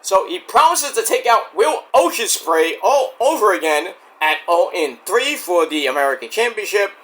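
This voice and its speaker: A man rambles through a casual wrestling show review, full of restarts and sudden shouted impressions. His voice sits high and swings widely in pitch, with a bright, forceful edge. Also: normal speed. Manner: rambling, animated, acts out quotes loudly.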